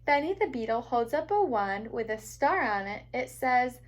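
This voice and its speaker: A teacher reading a picture book aloud to young children, gentle and expressive. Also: female voice, a little high, normal speed. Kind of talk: storybook read-aloud for children.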